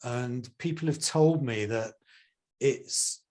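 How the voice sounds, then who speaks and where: Expressive man coaching charisma. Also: medium pitch, takes it slowly. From England. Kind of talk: casual interview chat. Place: home room, video call.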